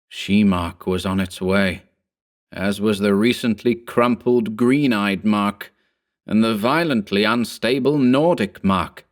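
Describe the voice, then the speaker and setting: A man giving a scripted horror narration in a measured, steady storytelling manner. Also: on the low side.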